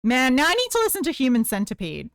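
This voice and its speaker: High lively woman streamer, playful, chats with viewers, smooth clear voice, dry close sound. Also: fast, no echo. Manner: chatty and playful, reads chat aloud. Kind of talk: casual live-stream chat while crocheting.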